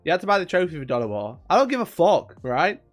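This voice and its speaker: A man's voice: a little high, sing-song, fast talker, faint music behind. A man hosting a live stream, chatting casually with his viewers and trading sweary, mock-angry banter with them.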